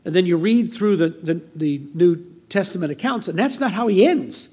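An older American man delivering a sermon as pastor, conversational and anecdotal, with a gravelly voice. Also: high voice, lively intonation, normal speed, a little mellow. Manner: conversational preaching with personal anecdotes.

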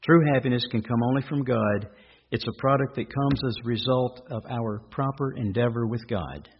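A man's voice: mid-range voice, moderate pace, highs cut off, slight background noise. A man preaching a sermon, asking rhetorical questions and repeating his points for emphasis.

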